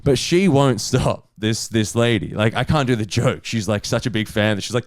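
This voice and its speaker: A young man, a stand-up comedian, telling a story in casual chat, animated and swearing freely. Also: medium pitch, moderate pace, hardly any pauses, dry recording, clean studio sound. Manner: animated, swears freely, acts out other people's lines.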